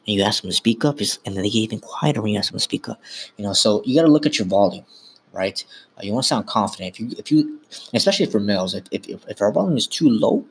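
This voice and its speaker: A man's voice: fairly low pitch, animated, fast talker, a little hiss or hum. A man hosting a podcast, talking informally and instructively in a casual monologue, often correcting himself mid-sentence. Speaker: podcast host.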